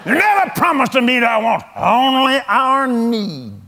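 A man's voice: very high-pitched, very animated, a little slow, vocal fry, bright, forceful tone, slight background noise, voice pushed up, heavily acted. An older man acting out an angry man who hollers and insists at a preacher. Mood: indignant.

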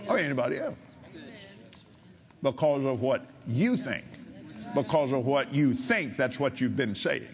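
An older man preaching, telling a story in a halting way with repeated words, then rising to loud, emphatic preaching. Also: medium pitch, very animated. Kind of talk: sermon storytelling.

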